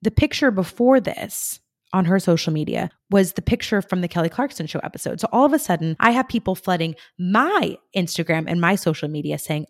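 Animated young woman telling stories. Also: fairly low pitch, a little fast. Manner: animated, gushing, acts out her own quoted thoughts. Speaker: podcast host. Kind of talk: casual storytelling monologue.

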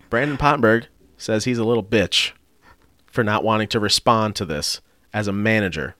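A man with a lowish voice recounts a run-in in loose, profane talk. He slips into other people's voices as he tells it, his pitch jumping up and down. The sound is dry and close. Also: normal speed, dry recording. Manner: animated storytelling, swearing, acting out quoted voices. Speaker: body shop worker telling a story. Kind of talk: casual podcast chat.

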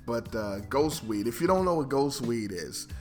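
A man hosting a countdown of skits in casual commentary, relaxed and hesitant with frequent ums. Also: medium pitch, normal speed, soft background music. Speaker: host.

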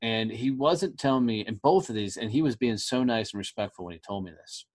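A man's voice: fairly low pitch, a little fast. Blunt, profane podcast host, a man. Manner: blunt, profane, animated storytelling. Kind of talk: casual conversational interview.

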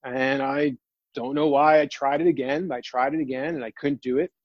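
A man's voice: mid-range voice, fairly even intonation, dry recording. Guy from new jersey telling his story, kinda choked up, lots of likes and restarts, dull dry sound. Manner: earnest, halting, full of restarts and "like". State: near tears. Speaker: guest. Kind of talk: emotional personal storytelling.

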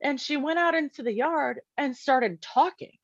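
A woman's voice: sits high, moderate pace, no room sound, dull audio. Woman telling a story with many fillers. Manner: conversational, many "like" fillers, acts out quoted dialogue. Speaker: parent telling her story. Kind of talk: casual personal storytelling.

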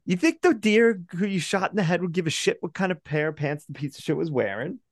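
A man doing a voice of an exasperated, sharp-tongued woman who mocks someone with scorn. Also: high-pitched, lively intonation, quick pace, dry recording, clean studio sound, pitched above the performer's own voice. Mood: scornful. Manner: scornful, mocking.

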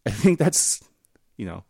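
A man chatting casually as a podcast co-host, halting and filling pauses with ums and laughs. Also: mid-range voice, gravelly, warm tone, no room sound, studio quality. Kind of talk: casual chat.

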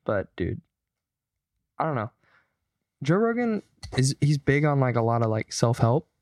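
A man's voice: medium pitch, big pitch swings, a little slow, darkish tone, dry recording, studio quality. A young man co-hosting a podcast, telling stories loosely and swearing freely in casual chat. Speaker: podcast co-host.

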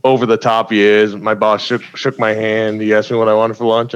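A man's voice: fairly low pitch, flat delivery, clean tone, highs cut off. A man, a stand-up comedian, talking casually about his jokes on a podcast and laughing often between points. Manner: laughs often, quick asides. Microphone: podcast mic.

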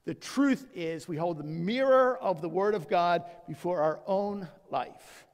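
High-voiced preacher, big reverberant hall. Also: male voice, measured pace. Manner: emphatic preaching with rhetorical questions and anecdotes. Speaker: pastor. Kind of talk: sermon. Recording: long church reverb.

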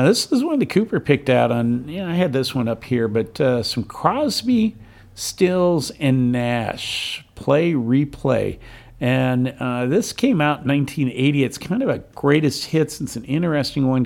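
Male radio host with a gravelly, fry-edged voice, middle pitch, rambling and upbeat. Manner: rambling, enthusiastic, chatty. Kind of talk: casual on-air radio talk. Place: radio studio.

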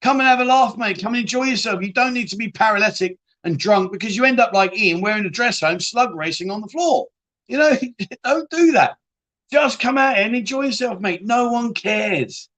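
A man's voice: sits high, brisk, fairly bright tone. A man hosting a casual live-stream chat show, reading out viewer comments and answering them bluntly, swearing freely and restarting his sentences often.

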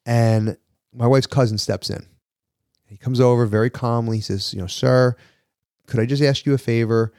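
A man, co-hosting a podcast and telling a story in an animated way, acting out the people he quotes. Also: mid-range voice, normal speed, smooth, no echo, studio quality. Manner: animated, acts out quoted voices. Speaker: podcast co-host. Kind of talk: casual storytelling.

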